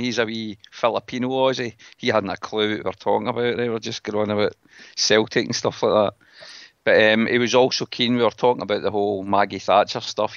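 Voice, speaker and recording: A man's voice: lowish voice, creaky, fairly bright tone, dry recording. A middle-aged Scottish man hosting a casual podcast chat, talking bluntly and with scorn. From Scotland. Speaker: podcast host. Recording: dull lo-fi dry sound.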